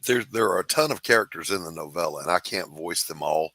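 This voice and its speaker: Male host, very deep yet bright voice, dry close sound, salesy pitch. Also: lively intonation, quick pace, no echo. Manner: upbeat, salesy and matter-of-fact. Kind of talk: casual chat and crowdfunding pitch.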